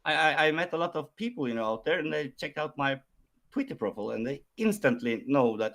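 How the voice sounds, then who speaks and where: A man's voice: fairly high pitch, very animated, fast talker, a bit bright. A man speaking as a guest on a live stream, hesitant and full of "uh" and "um" fillers. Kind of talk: casual live-stream chat.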